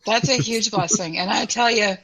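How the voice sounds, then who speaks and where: A woman hosts a podcast with a bright, clear voice. She talks in a warm, motherly way and encourages her guest as she asks questions. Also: on the high side, normal speed, rough recording. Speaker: podcast host. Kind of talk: casual chat.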